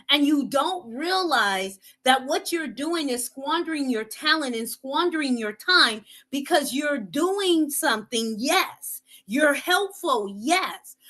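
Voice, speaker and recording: A woman's voice: sits high, a bit bright, poor audio. A woman giving an earnest motivational talk, repeating her points and often checking in with "right?". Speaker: motivational speaker.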